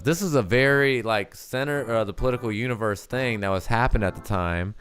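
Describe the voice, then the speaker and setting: A man's voice: mid-range voice, fairly quick, hardly any pauses, fairly bright tone. Profane joking man with music behind. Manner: loose, profane, joking banter. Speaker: co-host. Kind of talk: casual livestream chat.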